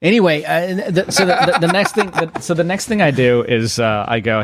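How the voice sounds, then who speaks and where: A young man, a magician and actor, telling stories in a casual podcast chat, animated and prone to restarts. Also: on the high side, fairly quick, background noise. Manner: animated storyteller, slips into voices, many restarts.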